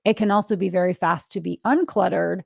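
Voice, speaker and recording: A middle-aged woman hosting a podcast, chatting casually and telling stories with lively acted-out quotes and frequent laughter. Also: fairly low pitch, fairly quick, vocal fry, no room sound, studio quality. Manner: animated storyteller acting out quoted dialogue; laughs often mid-story. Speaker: podcast host. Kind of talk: casual interview conversation.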